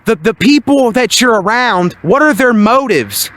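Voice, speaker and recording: A man with a high-pitched voice delivers a loud, emphatic motivational monologue. He is outside at night near his building, speaking close into a handheld microphone. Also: expressive, a little slow, slight background noise. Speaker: vlogger.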